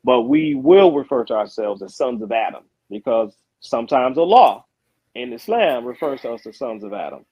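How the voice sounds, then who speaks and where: A man's voice: mid-range voice, animated, normal speed, warm tone, breathy edge, no room sound. A Muslim man in a casual debate, talking loosely and repeating his words as he explains. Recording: dull lo-fi call audio.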